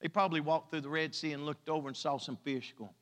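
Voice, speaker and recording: Pastor, male, high bright voice, emphatic drawn-out preaching with humor, church hall reverb. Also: fairly even intonation. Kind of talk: sermon. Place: church sanctuary.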